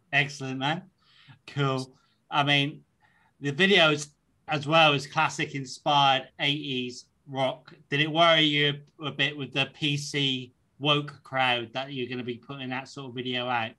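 A chatty middle-aged man from Devon hosts a relaxed interview in a mixed English accent. His voice is bright and forward. He talks loosely and swears freely. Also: medium pitch, a little slow. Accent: English, mixed southwest and northeast. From Devon, England. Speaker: host. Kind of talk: casual interview.

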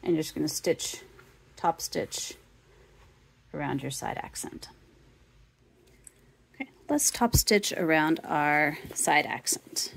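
A woman's voice: low voice, animated, a little slow, gravelly. A woman teaching a sewing tutorial, casually talking the viewer through each step. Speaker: sewing instructor.

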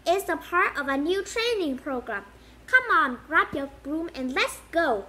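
A woman reading the part of a burly teenage sports captain who speaks briskly and heartily. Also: high voice, expressive, pushed and bright, full character voice. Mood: hearty.

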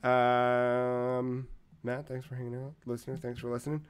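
A man hosting a casual gaming podcast, relaxed and loose, swearing now and then. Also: medium pitch, moderate pace, smooth. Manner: laid-back, swears casually. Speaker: podcast host.

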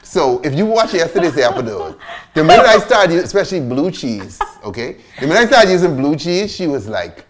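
Male bartender host, lively and swearing, laughs a lot, casual banter. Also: a little high, a little fast. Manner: animated, profane, laughing often. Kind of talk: casual chat. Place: home bar studio.

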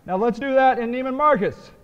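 A man with an extremely high, smooth voice talks a little fast while hosting a web marketing show. He comments energetically and emphatically on good and bad websites, and the audio is dull, roomy lo-fi web video sound.

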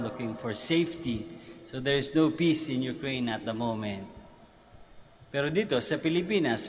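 Filipino priest preaching in a reverberant basilica. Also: male voice, medium pitch, a little hiss or hum. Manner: switches between Tagalog and English, repeats phrases for emphasis. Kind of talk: homily at Mass. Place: large basilica church. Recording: long church reverb, faint ambience.

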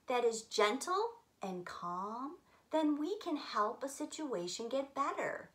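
A middle-aged woman giving a gentle Bible lesson to children, speaking slowly and warmly to her young listeners. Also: sits high. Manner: slow, gentle, animated talk to children.

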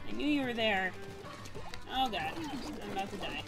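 A woman's voice: sits high, lively intonation, normal speed, poor audio. A woman giving reactive gameplay commentary, often exclaiming and laughing at the game. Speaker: gamer. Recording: game music behind the voice.

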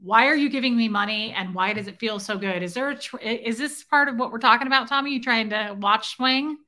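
A woman's voice: mid-range voice, fairly quick, hardly any pauses, bright, forceful tone. A young woman hosting a casual livestream, chatting playfully and reading viewer comments aloud, now and then breaking into a snatch of song. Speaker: livestream host.

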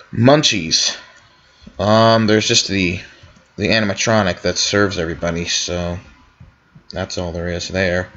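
A young man talking to himself while he plays a game, puzzled and now and then calling out loudly. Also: lowish voice, lo-fi sound. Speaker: gaming video host. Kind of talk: in-character role-play commentary.

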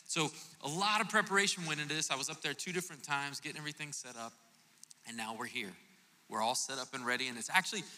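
A male pastor from Florida telling a lively, joking story during a sermon. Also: a little high. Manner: animated storytelling, jokey asides. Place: church auditorium. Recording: reverberant church hall.

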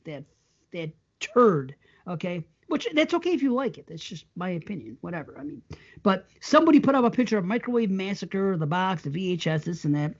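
Man, podcast co-host, chatty storyteller, husky, lively, dull lo-fi sound. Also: sits high, a little fast. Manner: chatty storyteller, laughs often. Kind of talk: casual chat.

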